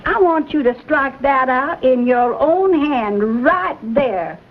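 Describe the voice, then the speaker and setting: A woman's voice: high voice, expressive, takes it slowly. An actress playing a stern frontier mother, scolding her grown son. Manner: scolding, commanding. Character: stern frontier mother, proud of family ties. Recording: thin phone-like old TV audio.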